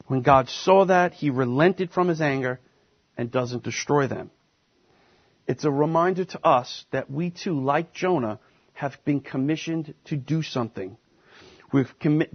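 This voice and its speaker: A fairly high, husky male voice delivers a sermon, pressing his points and tossing questions out to the listeners. The recording sounds dull and lo-fi. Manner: preaching emphatically, asking the congregation questions. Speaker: pastor.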